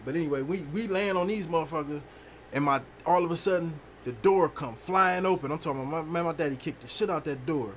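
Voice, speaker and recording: Animated, profane young man telling a story. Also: fairly high pitch, a little hiss or hum. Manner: animated, profane, rambling with lots of fillers. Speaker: gaming streamer. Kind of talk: casual storytelling while playing a game.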